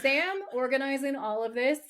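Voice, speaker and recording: A woman's voice: sits high, normal speed. Woman co-host recapping, swearing freely. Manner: animated, profane storytelling. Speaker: podcast co-host. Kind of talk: casual episode recap.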